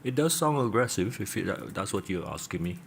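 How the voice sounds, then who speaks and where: A man's voice: on the low side, sing-song, fairly quick, gravelly, a little hiss or hum. A man testifying as a witness, giving short and hesitant answers. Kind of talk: answering questions at an inquiry.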